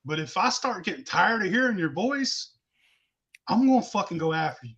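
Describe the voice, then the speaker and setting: A man's voice: high voice, big pitch swings, moderate pace, fairly bright tone, slightly rough. A man telling a rowdy, profane drinking story in casual chat. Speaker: show host telling a story.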